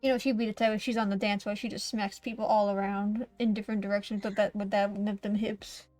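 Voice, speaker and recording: A woman's voice: medium pitch, flat delivery, fast, a little mellow, no echo, faint music behind. Playful, teasing woman co-streamer. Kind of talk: casual chat.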